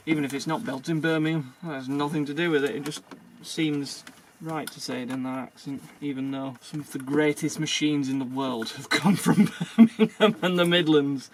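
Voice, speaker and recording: A chatty man talks through his car repair in a casual, self-deprecating way, half muttering to himself as he fiddles with the dashboard. His voice sits a little higher than most men's. Faint background hum of a workshop. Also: normal speed, hardly any pauses, darkish tone. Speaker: car restorer. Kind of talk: casual narration while working on a car.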